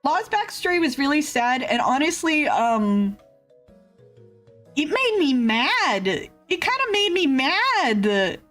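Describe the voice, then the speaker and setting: A woman streamer chatting casually with viewers, rambling with fillers and laughs and swinging between excited yelps and low grumbles. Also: takes it slowly. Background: faint background music.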